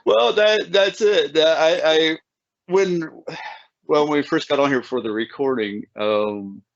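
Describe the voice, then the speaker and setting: A man's voice: on the high side, unhurried, dry recording, dull audio. A man from Southern Ohio with an Appalachian accent, hosting a casual chat and restarting his sentences often. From Southern Ohio, USA. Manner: animated, stumbling restarts. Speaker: podcast host.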